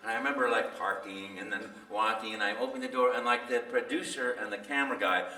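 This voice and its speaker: A man tells stories at a convention panel in an animated, laughing way, acting out the voices as he goes. His voice is bright, and the sound echoes around a large hall from a distance. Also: fairly low pitch, quick pace. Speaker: voice actor, panel guest. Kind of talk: storytelling at a fan convention panel.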